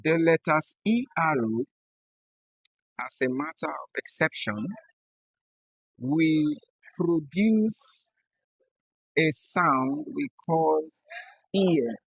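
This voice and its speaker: A man teaching English pronunciation at a board, spelling out letters slowly and checking in often with his students. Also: fairly high pitch, animated, gravelly, slightly rough, no echo, low-quality recording. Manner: slow, deliberate, spells out letters and checks in with the class. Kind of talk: classroom lesson at a board.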